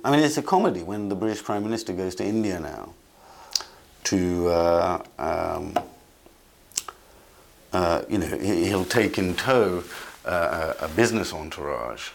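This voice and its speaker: A man giving conversational commentary as an interview guest, halting with frequent restarts and repeated words. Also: low-pitched, vocal fry, slight background noise.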